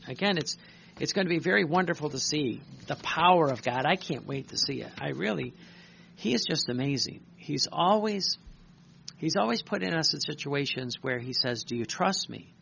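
A man preaching a sermon, reading passages aloud, halting with many fillers and restarts and clearing his throat often. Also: fairly high pitch, lively intonation, fairly bright tone. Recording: muffled recording with faint hum.

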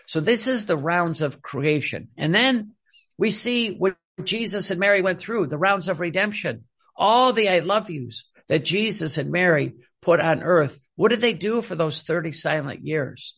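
A man preaching a fervent Catholic sermon, repeating phrases and dropping his voice low on quoted words. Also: animated, moderate pace, vocal fry. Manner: fervent, repetitive, drops to a hushed tone on quoted phrases.

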